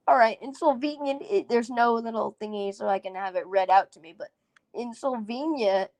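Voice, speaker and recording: A woman's voice: fairly high pitch, normal speed, a little mellow, dry recording. A woman hosting a casual solo podcast, rambling and giggling as she sounds out foreign words. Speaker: podcast host.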